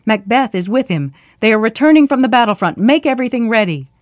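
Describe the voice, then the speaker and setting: A woman voicing a hurried male royal messenger in a storybook reading, announcing loudly and quickly. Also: a little high, lively intonation, dry recording, studio quality, pitched above the performer's own voice, close to an everyday voice. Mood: urgent.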